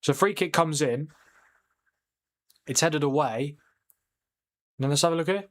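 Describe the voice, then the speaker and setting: With a medium-pitched voice at normal speed, the streamer takes long pauses as he hosts a live football watchalong. He's chatty, answering viewer comments he reads aloud, and excitable when incidents happen in the match.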